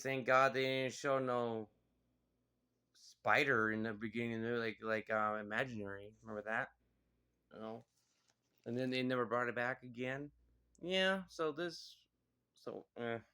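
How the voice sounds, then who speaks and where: A man's voice: medium pitch, bright, forceful tone, clear, resonant tone. Rambling man reviewing a movie. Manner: rambling, full of "like" and "you know". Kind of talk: casual spoken movie review.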